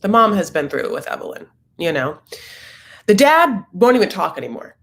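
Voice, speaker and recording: A man's voice: sits high, very animated, brisk, fairly bright tone. Campy guy doing a tv recap, chatty, keeps saying honey. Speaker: TV recap host. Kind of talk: casual recap commentary. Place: at home, sitting cross-legged.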